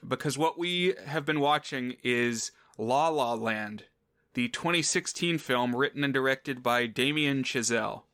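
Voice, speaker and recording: A man chats casually as co-host of a film podcast, his voice bright and smooth. The sound is dry and close. He tends to ramble, circling back with fillers and small self-corrections. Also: medium pitch, a little slow, no room sound. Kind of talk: casual chat.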